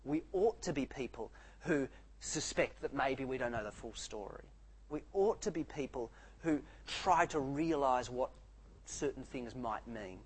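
A man preaching a sermon, swinging between soft, quiet lines and loud, animated outbursts. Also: medium pitch, measured pace, slightly rough, low-quality recording.

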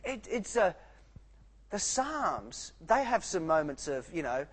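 A man preaching a sermon, swinging between soft, quiet lines and loud, animated outbursts. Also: high-pitched, takes it slowly, low-quality recording.

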